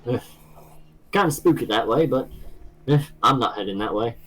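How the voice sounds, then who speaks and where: A man's voice: mid-range voice, lively intonation, normal speed, a bit bright, poor audio. A man voicing a shady male trader who sells found goods in folksy dialect and haggles hard. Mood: wary.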